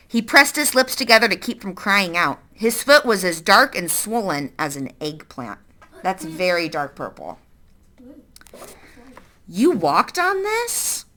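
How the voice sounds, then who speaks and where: A woman reading a children's novel aloud in an expressive way, now and then correcting herself. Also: mid-range voice. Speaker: reader.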